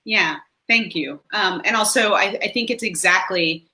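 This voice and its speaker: A woman's voice: medium pitch, normal speed. A woman who is a mayoral candidate, answering a guest's question with sympathy and frequent fillers. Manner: warm, apologetic, many fillers. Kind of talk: answering a question on a talk show.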